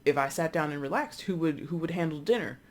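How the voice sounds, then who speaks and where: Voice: expressive, fast talker, close to an everyday voice. A tarot reader voicing an overwhelmed wife who is frantic and pleads for help. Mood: exasperated. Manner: high-pitched, pleading, exasperated.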